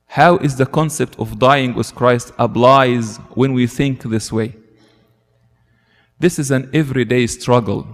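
Man, earnest sermon, long echo of a hall, pitch jumps up for emphasis. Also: fairly even intonation, measured pace. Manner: earnest, rises in pitch for emphasis, asks rhetorical questions. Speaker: preacher.

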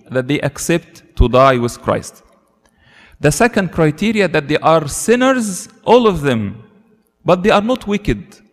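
Man, earnest sermon, long echo of a hall, pitch jumps up for emphasis. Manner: earnest, rises in pitch for emphasis, asks rhetorical questions. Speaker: preacher.

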